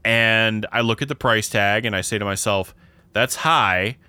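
A man talking casually as a podcast co-host, his voice bright and forward. He rambles and restarts, piling on asides before getting back to the point. The sound is dry and close. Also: lowish voice, unhurried, no room sound. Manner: rambling, self-interrupting storyteller. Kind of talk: casual chat.

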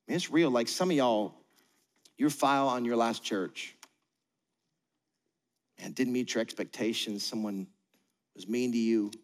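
Pastor preaching in a reverberant hall. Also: male voice, mid-range voice, a little slow, long pauses. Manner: conversational, acts out quoted voices. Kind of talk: sermon. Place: church auditorium.

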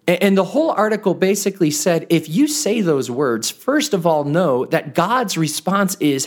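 A man's voice: high voice, lively intonation, normal speed, hardly any pauses. A man hosting a reflective podcast, speaking earnestly and often stumbling on the first word of a phrase. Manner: earnest, stammers on starts of phrases. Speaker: podcast host. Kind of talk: reflective spoken podcast talk.

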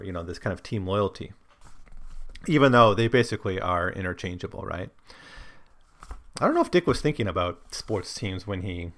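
Animated man discussing a novel. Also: fairly low pitch. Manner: discursive and explanatory, thinking aloud. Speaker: book discussion host. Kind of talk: lecture-style book discussion.

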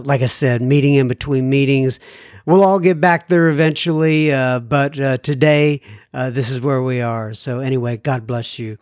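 Male podcast host from Texas, folksy, mid-pitched, dry close-mic sound. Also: no room sound. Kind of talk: reading listener messages.

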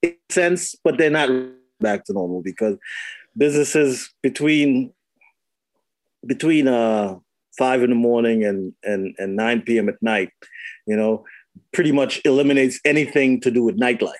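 A man's voice: medium pitch, normal speed, no echo. Laid-back teasing man from Trinidad. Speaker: podcast co-host. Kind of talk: casual chat.

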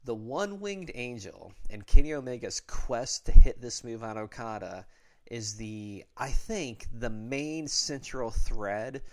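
A man's voice: medium pitch, animated, unhurried. A man co-hosting a podcast, in casual chat, explaining things at length in an analytical way. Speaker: podcast co-host.

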